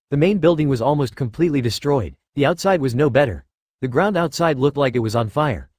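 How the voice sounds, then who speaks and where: A man narrating a fan-written story aloud in a steady, even way. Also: mid-range voice, no room sound, clean studio sound. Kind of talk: reading fan fiction aloud.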